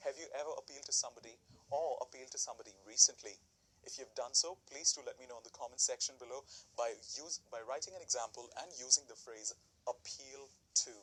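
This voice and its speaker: A man's voice: mid-range voice, fast, fairly bright tone, poor audio. A man teaching an English lesson, explaining phrases step by step with example sentences and questions to the viewers.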